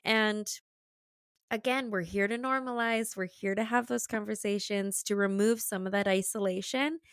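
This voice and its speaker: A woman's voice: mid-range voice, fairly even intonation, normal speed, clear, resonant tone, no echo, studio quality. A young woman hosting a podcast interview, talking candidly and chattily, full of "like" fillers and easy laughs. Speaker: podcast host. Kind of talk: casual conversational interview.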